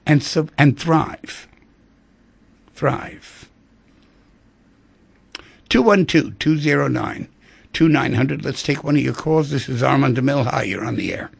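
A male radio host talking in a loose, musing way, his voice sometimes dropping low to almost a whisper. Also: a little slow, creaky, long pauses, slightly rough. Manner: musing, rhythmic, drops to near-whispers. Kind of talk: casual talk radio chat.

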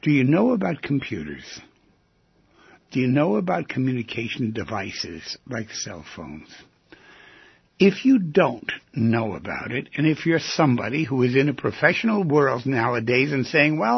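A man with a gravelly, very husky voice hosts a radio call-in show, pressing listeners with one question after another. He teases and jumps to sudden loud bursts. The sound is dry and somewhat dull. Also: mid-range voice, no room sound. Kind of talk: talk radio monologue.

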